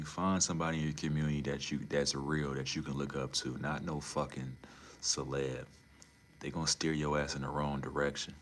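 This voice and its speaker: A young man chatting casually on a livestream, animated and profane, swinging between low mutters and loud incredulous outbursts.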